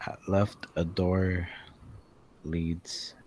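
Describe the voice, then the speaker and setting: A male student reads stage directions aloud in class, stumbling now and then over the words. His voice is very deep and almost flat, and he reads slowly. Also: rough recording. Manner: halting, stumbling reading.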